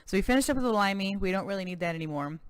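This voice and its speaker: A let's-play host giving casual, chatty commentary with quick self-deprecating asides. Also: medium pitch, expressive, smooth, no echo.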